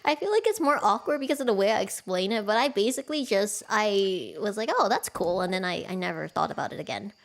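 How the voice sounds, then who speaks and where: A woman's voice: medium pitch, animated, quick pace, vocal fry, few pauses. A woman streaming a cozy farming game from home, chatting casually with her viewers, giggling often and poking fun at herself. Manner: chatty, giggly, self-deprecating.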